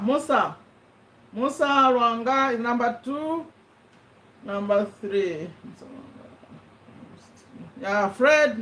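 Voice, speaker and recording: A high-pitched woman hosts a casual live-stream quiz, reading out viewers' names and ruling on their answers. Her voice sits away from the mic. It carries a roomy echo. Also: a bit bright, far from the mic. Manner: chatty, reads out viewer names and answers, checks and rules on them. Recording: echoey room, voice away from the mic.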